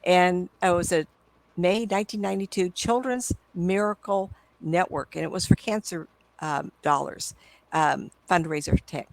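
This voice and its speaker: A woman in her seventies, a psychic medium, telling stories to an audience in an excitable, chatty way with frequent laughs. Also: lowish voice, vocal fry, no room sound. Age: 70s. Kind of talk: storytelling talk to an audience.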